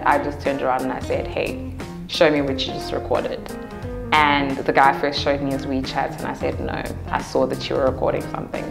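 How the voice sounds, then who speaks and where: A woman with a very low voice speaks calmly and plainly in a documentary interview. Music plays clearly behind her. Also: fairly quick.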